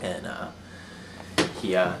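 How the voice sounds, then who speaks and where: A man's voice: slow pace, background noise. A man telling a rambling, profane story about himself, laughing at his own mishaps. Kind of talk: casual personal storytelling.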